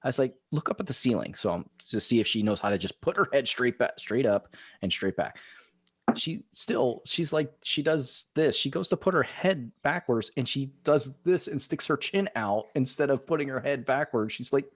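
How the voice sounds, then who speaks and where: Lively middle-aged man telling a story. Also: mid-range voice, moderate pace, no echo, clean studio sound. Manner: animated storytelling, laughing. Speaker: podcast co-host. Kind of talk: casual chat.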